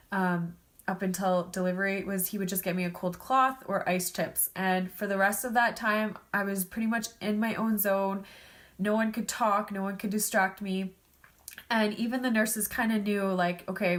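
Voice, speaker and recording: A woman in her thirties with a stuffed-up nose, chatting casually to camera as a vlogger and filling her talk with "like" and "um". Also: medium pitch. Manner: chatty, lots of "like" and "um". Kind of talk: casual storytelling vlog.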